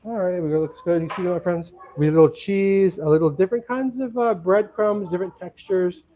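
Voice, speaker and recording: A man's voice: high voice, brisk, warm tone. A man hosting a casual cooking livestream from his home kitchen, chatting to viewers in a rambling, friendly way.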